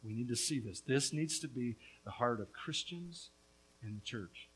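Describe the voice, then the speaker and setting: A middle-aged man preaching a lively, joking sermon, with quick asides to the congregation. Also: medium pitch, slight background noise, rough recording. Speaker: pastor.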